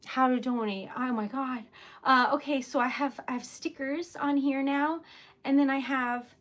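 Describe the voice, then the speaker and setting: A woman's voice: high voice, fairly even intonation, moderate pace, a bit bright. A young woman from Rhode Island hosting a casual livestream, flustered and giggly, stammering a little as she chats. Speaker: livestream host.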